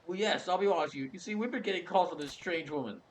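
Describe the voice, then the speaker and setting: A man voicing a male telephone club clerk who flatters and pleads eagerly. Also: high-pitched, fast talker, a little hiss or hum, pitched above the performer's own voice, lightly acted.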